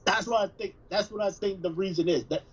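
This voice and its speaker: High husky man telling stories. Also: fast talker. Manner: storytelling with repeated restarts. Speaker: podcast co-host. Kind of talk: casual podcast chat. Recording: dull lo-fi sound.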